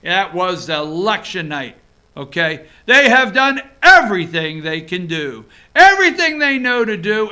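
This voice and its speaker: A man's voice: extremely high pitch, bright, forceful tone. A man hosting an opinion show, ranting brashly in political commentary from an office and mimicking other voices. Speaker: talk show host.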